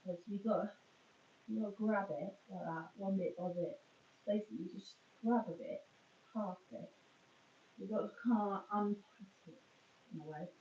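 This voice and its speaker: This woman rambles through a casual, self-mocking chat on a phone live stream, pausing often at a moderate pace. Her pitch is medium. The audio carries a slight hiss or hum and sounds dull and echoey, the mic being some distance away.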